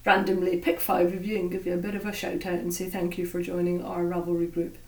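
A woman with a Scottish accent co-hosting a podcast, speaking slowly and deliberately in a friendly, chatty way and laughing often. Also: on the low side, completely flat delivery. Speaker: podcast co-host. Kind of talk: casual podcast chat. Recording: roomy sound from a distant mic.

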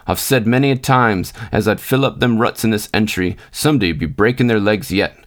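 A man's voice: fairly low pitch, brisk, lightly acted. A man voicing a shy, courteous male miner who talks in broad dialect. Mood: reassuring.

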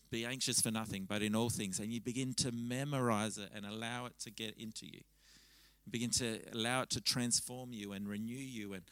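Bright-voiced man preaching a conversational sermon. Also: mid-range voice, clean tone, no echo, low-quality recording. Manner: conversational, animated storytelling with frequent restarts. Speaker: pastor. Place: church service.

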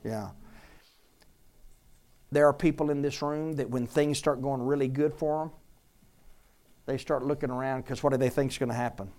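A woman teaching a Bible class to a room of listeners, lively and joking as she quizzes them. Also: extremely low pitch, moderate pace, long pauses. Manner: lively, jokey, quizzes the audience.

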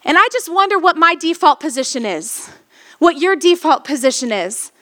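Bright, high-voiced woman pastor preaching. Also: lively intonation, moderate pace. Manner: storytelling, rhetorical questions to the congregation. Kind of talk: sermon.

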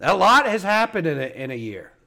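A man's voice: sits high, sing-song, fairly quick, creaky. A man co-hosting a podcast, swearing freely and laughing through casual banter. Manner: loud, profane, laughing banter. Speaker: podcast co-host. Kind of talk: casual chat.

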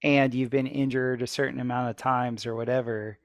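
A man hosting a podcast, listening quietly and mostly giving short agreeing sounds. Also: medium pitch, little pitch movement, moderate pace, no room sound, clean studio sound. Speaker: podcast host. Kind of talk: casual podcast chat.

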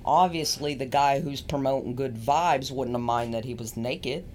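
A woman's voice: rumbling low, moderate pace, a little mellow, a little hiss or hum. A woman co-hosting a casual podcast, playful and teasing, often giggling as she jokes. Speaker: podcast co-host. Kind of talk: casual banter.

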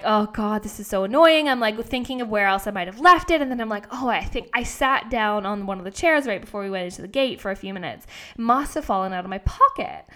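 Her voice is medium in pitch, smooth, with a sharp tone. This young podcast host spins an animated, casual story, performing her own lines and cursing without restraint.

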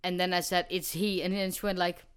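A man co-hosting a podcast in a studio, chatting in an animated way, swearing freely and laughing often. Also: high-pitched, brisk, clean tone. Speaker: podcast co-host. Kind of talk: casual podcast chat.

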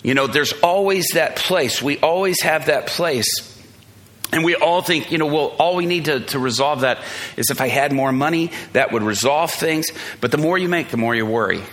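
A man's voice: a little high, moderate pace, fairly bright tone. A man in his forties preaching a sermon, telling stories with jokes, fillers and restarts. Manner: storytelling, joking, self-deprecating, many fillers and restarts. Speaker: pastor.

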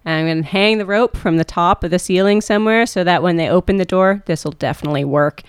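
A woman's voice: fairly low pitch, quick pace, clean tone, no room sound, studio quality. A woman playing a tabletop game who lays out her plan matter-of-factly, with some hesitant fillers. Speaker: player. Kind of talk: casual tabletop game play.

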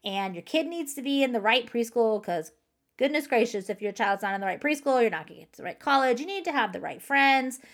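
Woman, podcast host, earnest, animated, talks straight to listeners, slightly high voice. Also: fairly quick. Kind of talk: faith-based podcast talk to moms.

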